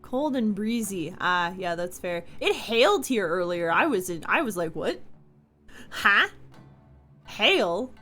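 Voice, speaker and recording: A woman's voice: mid-range voice, animated, normal speed, few pauses, a bit bright, soft background music. A young woman streamer chatting casually and bubbly with viewers, laughing often. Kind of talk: casual live-stream chat.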